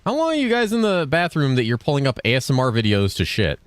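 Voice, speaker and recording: A man streaming games and chatting casually with his viewers, with dry, fairly monotone banter. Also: medium pitch, quick pace, clean tone, no room sound. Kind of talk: casual chat while gaming.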